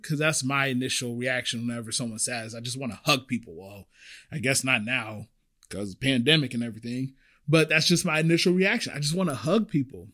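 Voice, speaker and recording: A man's voice: medium pitch, brisk, pushed and bright. Earnest man telling a personal story. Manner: earnest, conversational, with many restarts. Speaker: restaurant server.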